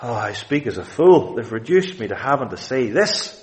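A man preaching a sermon, expounding scripture with deliberate emphasis and quoting King James wording. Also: medium pitch, big pitch swings, rough recording.

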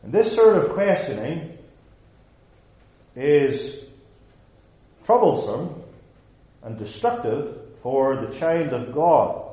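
A man's voice: medium pitch, dark tone. A man preaching a sermon as pastor, emphatic, building his points with rhetorical repetition. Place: church sanctuary. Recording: roomy, dull lo-fi recording.

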